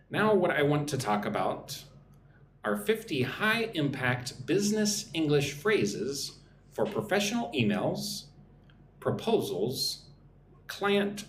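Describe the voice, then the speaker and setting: An American man teaching business English on a live stream, speaking slowly and clearly and often checking in with "right?". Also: on the high side, roomy sound, slight background noise. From United States.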